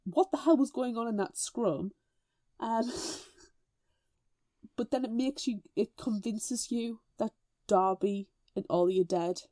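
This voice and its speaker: A woman's voice: a little high, takes it slowly, dark tone, no room sound. A woman co-hosting a book podcast, chatty and blunt, laughing often. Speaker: podcast co-host. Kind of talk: casual chat.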